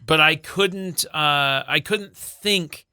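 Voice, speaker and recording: A man's voice: fairly high pitch, very slow, sharp tone, clean tone, no room sound. A man co-hosting a morning radio show in a studio, chatting casually and telling self-deprecating stories with plenty of fillers. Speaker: radio co-host. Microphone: studio microphone.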